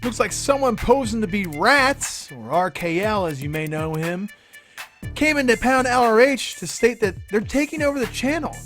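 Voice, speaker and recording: A man's voice: sits high, big pitch swings, normal speed, a bit bright, soft background music. A man hosting a comedic news show, delivering crude jokes in a sarcastic, mock-serious way. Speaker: host.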